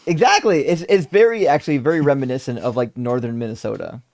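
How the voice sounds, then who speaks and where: A man hosting a live debate stream, reading viewer messages aloud in casual, animated, profane talk with sarcastic asides. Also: medium pitch, fast talker. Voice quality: gravelly. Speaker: debate stream host reading super chats.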